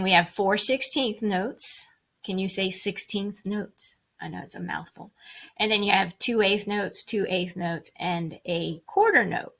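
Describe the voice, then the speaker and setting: A woman music teacher leads an online rhythm lesson, chanting counts and inviting kids to join in. Her voice is bright and a little forceful, with a gravelly fry at the ends of phrases. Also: medium pitch. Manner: upbeat, encouraging, counts and chants rhythms aloud.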